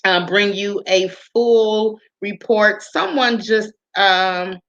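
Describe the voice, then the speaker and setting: A woman's voice: medium pitch, takes it slowly, fairly bright tone, muffled recording. A woman hosting her own livestream show, talking casually and rambling as she signs off, emotional and repeating herself. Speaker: host.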